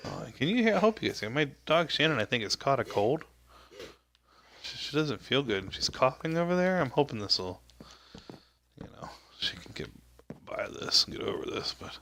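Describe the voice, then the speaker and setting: Guy rambling thru a game, bright voice that jumps all over, keeps exclaiming at himself. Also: mid-range voice, very animated, moderate pace, a little hiss or hum. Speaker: show host. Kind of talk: casual gameplay commentary.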